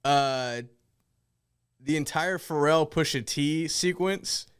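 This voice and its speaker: A man co-hosting a podcast, casually explaining song lyrics and pausing to pick his words. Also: a little high, smooth. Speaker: podcast co-host. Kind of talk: casual chat breaking down lyrics.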